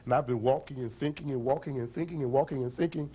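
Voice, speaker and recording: A man telling a folk tale to children in a library, animated and drawing his audience in. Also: mid-range voice, fast talker, hardly any pauses, slightly rough. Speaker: storyteller. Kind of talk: storytelling for children.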